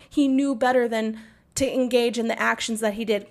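A young woman rants in a blunt, sarcastic monologue, swearing freely as she vents. Her voice sits a little high for a woman. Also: fairly even intonation, moderate pace. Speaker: podcast host. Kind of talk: angry monologue.

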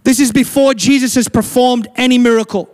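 A man preaching a sermon as pastor, earnest and slowing down to stress key lines. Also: extremely high pitch, steady tone, darkish tone. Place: church sanctuary. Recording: long church hall reverb.

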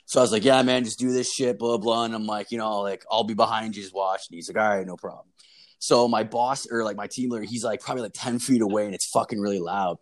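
A man's voice: lowish voice, fast talker. A Canadian man casually telling a work story, full of swearing and constant "like" fillers. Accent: Canadian English. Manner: heavy swearing, constant "like" fillers, animated retelling.

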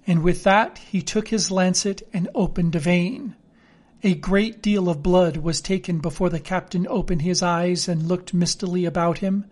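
A man reading a classic novel aloud as narrator, in measured storytelling. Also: high-pitched, steady tone, darkish tone. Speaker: audiobook reader.

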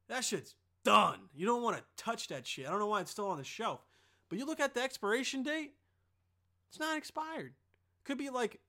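Casting note: young male podcast host, high and bright-toned, swearing constantly, quick to flare into loud rants. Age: young adult. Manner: profane, excitable, rants with sudden loud bursts. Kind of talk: casual rambling monologue.

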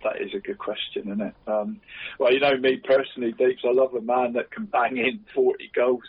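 A man's voice: mid-range voice, little pitch movement, a little fast, breathy edge. A man co-hosting a casual football podcast, rambling and saying "mate" in almost every sentence. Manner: says "mate" constantly, rambling. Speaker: podcast co-host. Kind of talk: casual chat. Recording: dry, tinny phone-like line.

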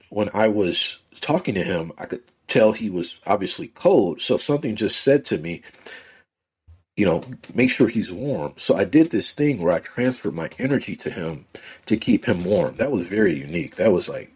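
A man, a podcast guest, telling a personal story in a relaxed, rambling way with many fillers. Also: deep voice, husky. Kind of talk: casual conversational storytelling.

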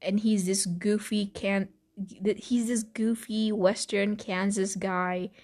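A woman's voice: medium pitch, fairly even intonation, slow pace, darkish tone. A woman hosting a casual chat, rambling and swearing freely, with laughs and restarts. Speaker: podcast host.

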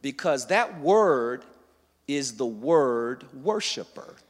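Lively preaching man in a big echoing hall. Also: mid-range voice, slow. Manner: builds from quiet teaching to loud fervent preaching. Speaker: pastor. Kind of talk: sermon.

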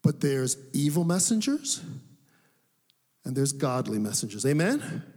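A male pastor preaching a sermon, telling a personal story with animated delivery and laughing at his own tale. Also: medium pitch, measured pace, big-room sound. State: sweating.

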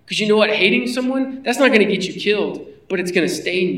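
A man's voice: sits high, lively intonation, quick pace, hardly any pauses, a bit bright, roomy sound, recorded from a distance, poor audio. A man preaching a sermon in a conversational way, asking his listeners rhetorical questions. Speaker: pastor.

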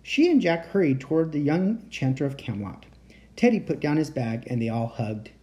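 Animated, mellow storybook reader. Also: medium pitch, normal speed, highs cut off. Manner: expressive, animated reading. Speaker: audiobook reader. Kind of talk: storybook narration.

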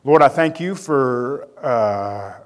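A man's voice: medium pitch, animated, slow. A male pastor preaching a sermon. He reads scripture aloud, tells it as a story with casual asides, and leads a prayer.

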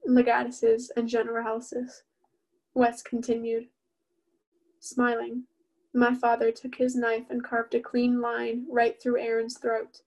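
A woman reading her own novel aloud in the first person, steady and even-toned. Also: fairly high pitch.

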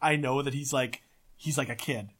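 A man co-hosting a casual podcast, talking in an excitable, emphatic way and swearing often. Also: medium pitch, moderate pace, husky. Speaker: podcast co-host.

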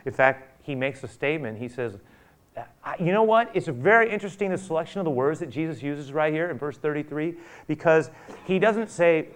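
Preacher swinging from hushed to loud. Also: male voice, on the high side, animated, brisk. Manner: dramatic swings from loud urgent peaks to hushed near-whisper; acts out quotes of biblical figures. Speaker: pastor. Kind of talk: sermon.

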